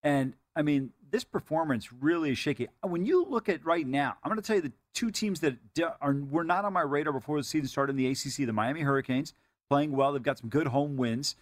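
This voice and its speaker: A man co-hosting a sports betting show, talking rapidly and with strong opinions in casual chat. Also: on the high side, animated, no room sound.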